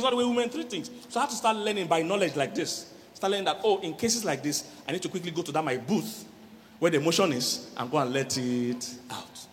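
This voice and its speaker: A middle-aged man, a relationship coach giving a lively church sermon on marriage, often laughing and acting out voices. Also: high-pitched, big-room sound, slight background noise. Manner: animated, laughing, acts out quoted voices.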